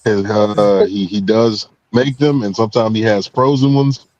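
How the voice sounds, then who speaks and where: A man on a casual podcast panel, telling a story in a relaxed, laid-back way. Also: on the low side, unhurried, a crowd in the background. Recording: muffled lo-fi mic.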